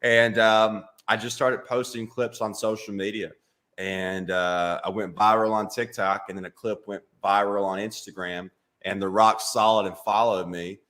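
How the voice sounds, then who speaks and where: A man from Alabama with a thick Southern accent, a comedian telling deadpan, self-mocking stories as a guest in a casual interview. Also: lowish voice, moderate pace.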